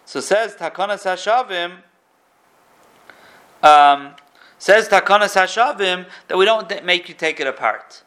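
High, bright-voiced man teaching Talmud. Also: animated, unhurried, long pauses. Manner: reads Hebrew text then explains in casual English. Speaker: Torah teacher. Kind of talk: Talmud lesson, reading and translating.

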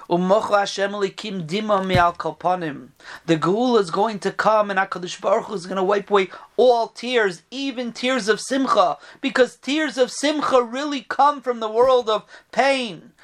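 A man teaching a Torah lesson reads Hebrew texts aloud at a moderate pace, in the chanting cadence of a study hall. He rises in pitch to stress a point, drops low and soft when quoting sources, and often clears his throat.

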